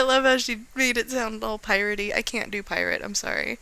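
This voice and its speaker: A woman chats casually while she streams a game. Her voice is a little high and bright, with a gravelly fry. She talks playfully to herself as she plays. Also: fairly even intonation, brisk, few pauses, no echo. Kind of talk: casual gaming commentary.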